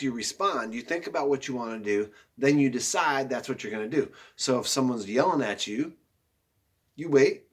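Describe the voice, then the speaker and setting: A man's voice: medium pitch, husky. A male teacher talking to young pupils in a video lesson, upbeat and encouraging, praising them by name. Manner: slow, soft guided breathing.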